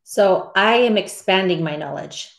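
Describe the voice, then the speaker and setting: A woman's voice: medium pitch, expressive, a little slow, creaky. A woman taking part in a group session, sharing hesitantly with fillers. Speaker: workshop participant. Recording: echoey room.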